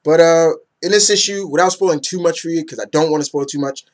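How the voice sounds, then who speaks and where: A young man in a casual, rambling comic book review who gets excited and acts out characters' lines. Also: a little high, quick pace, hardly any pauses.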